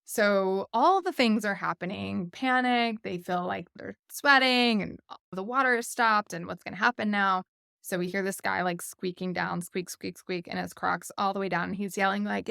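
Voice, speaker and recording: A woman in her thirties hosting a podcast, telling a family story in a casual, animated way with frequent laughs and "like" fillers. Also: medium pitch, normal speed, vocal fry, smooth, dry recording, clean studio sound. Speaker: podcast host.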